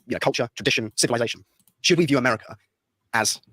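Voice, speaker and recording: A man's voice: medium pitch, rapid-fire, bright, forceful tone, slightly rough, no echo. A British man giving earnest political commentary, often restarting and repeating words as he talks. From Britain. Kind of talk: studio political discussion.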